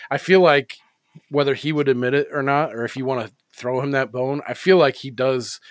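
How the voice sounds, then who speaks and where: A man's voice: medium pitch, steady tone, a little fast, dry recording, clean studio sound. A man co-hosting a podcast in casual chat. He rambles, swears freely and uses many fillers. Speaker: podcast co-host.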